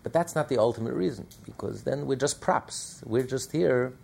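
Male rabbi leading a class, fry in the voice, animated teacher who drives each point home. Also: mid-range voice, normal speed. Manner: animated, asks and answers his own questions. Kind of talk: Torah class lecture.

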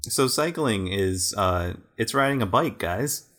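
Casting: deeper-voiced man, podcast co-host, dry deadpan fact reader. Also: unhurried. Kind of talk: casual chat, reading facts aloud.

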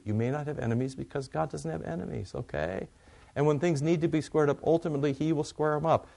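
Male preacher, casual sermon delivery, gravelly voice, question-and-answer style. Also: mid-range voice, mellow. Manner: conversational, asks and answers own questions.

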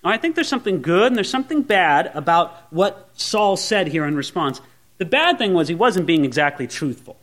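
A man's voice: high voice, big pitch swings, a little fast, fairly bright tone. A male pastor preaching a sermon, acting out the lines of biblical characters.

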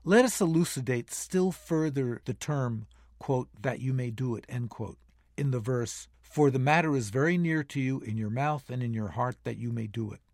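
A man reads a formal translated passage aloud, measured and even. The sound is dry and close, with no room around it. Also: medium pitch, vocal fry, no room sound. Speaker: reader. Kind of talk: reading a translated text aloud.

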